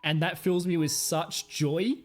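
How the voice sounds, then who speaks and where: A man's voice: on the high side, fairly even intonation, measured pace, soft background music. A man from Australia with an Australian accent, rambling crudely on a casual livestream and laughing often. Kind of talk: casual stream chat.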